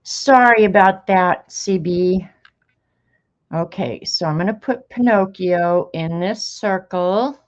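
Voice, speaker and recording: A woman's voice: lowish voice, takes it slowly. A middle-aged woman hosting an art livestream, chatting casually and talking to herself as she draws. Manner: chatty, talks to herself while working. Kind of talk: casual chat while drawing. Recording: dull lo-fi stream audio.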